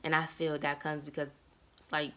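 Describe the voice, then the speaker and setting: A woman in her thirties speaks in a personal vlog, reflective and emotionally open. Her voice sits very low, with plenty of vocal fry. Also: monotone, normal speed, fairly bright tone. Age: 30s. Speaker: vlogger. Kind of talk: candid personal monologue.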